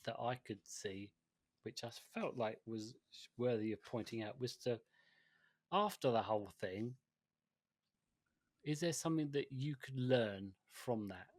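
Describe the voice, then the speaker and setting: A man's voice: mid-range voice, lively intonation, a little slow, dry recording, studio quality. A man co-hosting a podcast in casual chat, rambling and hesitant, with frequent restarts and fillers. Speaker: podcast co-host.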